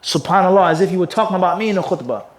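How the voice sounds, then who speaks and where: A man, a mufti, giving a religious lecture on hadith, quizzing his class with rhetorical questions and reading passages aloud in rapid Arabic. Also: high-pitched, lively intonation, a little hiss or hum. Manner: call-and-response teaching with rhetorical questions the class answers.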